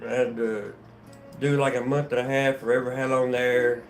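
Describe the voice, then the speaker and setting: A man's voice: mid-range voice, little pitch movement, moderate pace, faint music behind. A man with a North Carolina accent telling his life story on a casual livestream, rambling and profane, with many restarts and fillers. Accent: North Carolina Southern.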